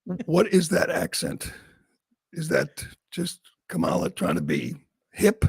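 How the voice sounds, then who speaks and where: Gravelly, husky male talk host. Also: a little high, huge pitch swings, no room sound, clean studio sound. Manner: sarcastic, mocking, quick asides with laughs. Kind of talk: opinionated political commentary.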